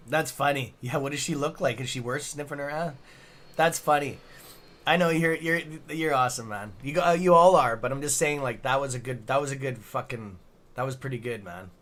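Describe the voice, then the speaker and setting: A man's voice: mid-range voice, normal speed, a bit bright. A middle-aged man casually hosting a live stream, reading chat aloud and bantering with loose swearing. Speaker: livestream trading host.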